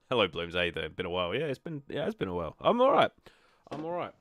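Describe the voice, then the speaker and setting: A man's voice: deep voice, big pitch swings, fast talker, a bit bright, dry recording. A young man hosting a gaming video, chatting casually and self-deprecatingly with lots of ums. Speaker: gaming channel host. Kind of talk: casual gameplay chat.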